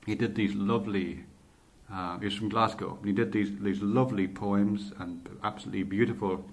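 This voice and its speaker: A man's voice: fairly low pitch, steady tone, normal speed. A man talking in a loose, casual monologue, often stopping to correct himself and swearing casually. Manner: rambling, stops to correct himself. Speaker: podcaster.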